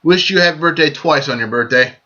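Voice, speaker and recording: A man hosting a casual vlog, giving friendly, joking birthday shout-outs to friends and often repeating himself as he goes. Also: a little high, a little fast. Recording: dull lo-fi sound.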